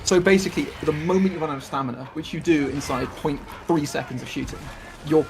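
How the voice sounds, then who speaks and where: A man's voice: a little high, fast talker, over music. A man in casual voice-chat banter, rambling as he works through how a game mechanic functions. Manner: rambling, analytical, many restarts. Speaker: streamer explaining game mechanics.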